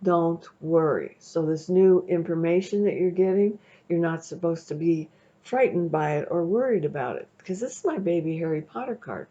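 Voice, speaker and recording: A woman's voice: fairly low pitch, moderate pace, warm tone. A woman giving a casual, chatty tarot reading, rambling a little and often checking in with the listener. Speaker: tarot reader. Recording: dull lo-fi recording.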